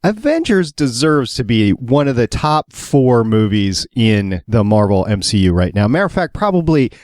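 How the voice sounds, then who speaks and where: A man's voice: mid-range voice, very animated, normal speed, a little mellow, dry recording, studio quality. Emphatic, teasing man co-hosting a podcast. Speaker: podcast co-host. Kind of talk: casual podcast chat.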